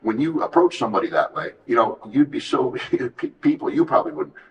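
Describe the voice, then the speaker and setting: A man's voice: mid-range voice, very animated, a little fast, recorded from a distance, highs cut off. A man telling his story as an interview guest, candid and emphatic, often acting out what others said to him. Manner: earnest, emphatic, reflective, quotes others in dialogue.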